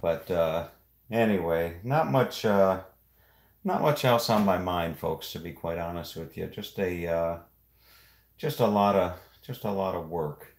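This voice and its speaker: A man casually vlogging as he walks through a house, rambling with frequent halting pauses. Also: low-pitched. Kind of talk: casual walk-through vlog. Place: indoors in a house.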